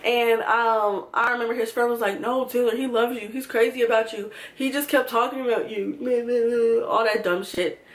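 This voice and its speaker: Animated young woman telling a story. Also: on the high side, normal speed, few pauses, reverberant. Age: young adult. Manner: animated, swears freely, acts out quotes. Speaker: vlogger. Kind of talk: storytime vlog.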